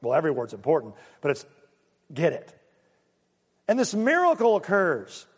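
A man preaching a sermon as pastor, lively and joking, with emphatic repeated points and asides to his congregation. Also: high voice, fairly quick, long pauses, husky. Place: church sanctuary. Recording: long reverb of a church hall.

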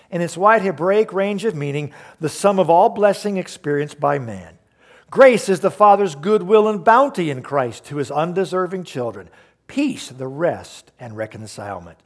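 A man preaching a sermon, emphatic, asking the congregation rhetorical questions and explaining verses. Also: on the high side. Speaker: pastor.

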